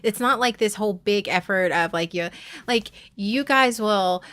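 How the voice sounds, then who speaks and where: A woman's voice: medium pitch, measured pace, a bit bright. A woman live streaming, talking candidly and heartfelt with her viewers, often restarting her sentences. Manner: confiding, swears casually.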